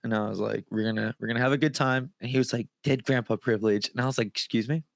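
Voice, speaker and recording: A man's voice: medium pitch, steady tone, vocal fry, no echo, clean studio sound. Joking man in casual podcast chat. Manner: joking storyteller, quick asides. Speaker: podcast co-host.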